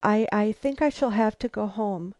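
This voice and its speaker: A woman's voice: mid-range voice, normal speed, darkish tone, dry recording, close to an everyday voice. Woman voicing a shaky, fussing scrub woman. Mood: shaken. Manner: stammering, shaky, eager. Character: nervous, fussing working-class scrub woman.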